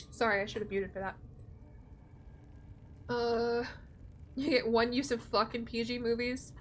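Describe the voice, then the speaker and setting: A woman's voice: fairly high pitch, steady tone, unhurried, long pauses. A young woman streaming a game, chatting casually with her viewers and swearing freely. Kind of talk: casual gameplay commentary.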